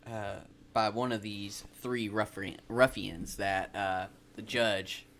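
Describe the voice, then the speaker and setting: A man's voice: lowish voice, fairly even intonation, slow pace, fairly bright tone. A man running a tabletop game as game master, narrating in a casual, rambling way with frequent laughs.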